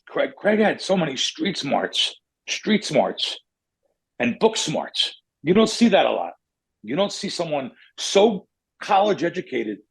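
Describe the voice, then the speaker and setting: A man's voice: on the high side, vocal fry, breathy edge. A man hosting a betting podcast, telling long rambling stories in casual chat, cursing freely and drifting off on tangents. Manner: rambling storyteller who curses and goes off on tangents. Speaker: podcast host, sports bettor.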